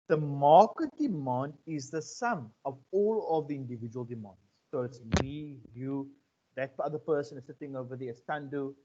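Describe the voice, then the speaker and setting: A man giving a relaxed economics lecture, often checking in with his students. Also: mid-range voice, husky. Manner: conversational, checks in with 'right?' and 'okay?'. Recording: muffled lo-fi audio.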